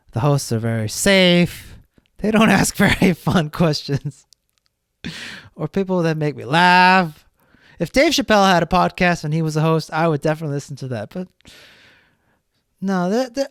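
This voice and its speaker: A man's voice: on the high side, smooth, dry recording, clean studio sound. A man hosting a solo podcast, talking bluntly and rambling, with lots of swearing. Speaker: podcast host. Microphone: studio podcast mic.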